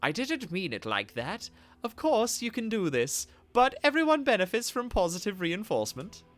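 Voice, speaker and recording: Man putting on a higher gentle aide voice, odd timbre, soft, reassuring, game dialogue read aloud. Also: very animated, normal speed, faint music behind.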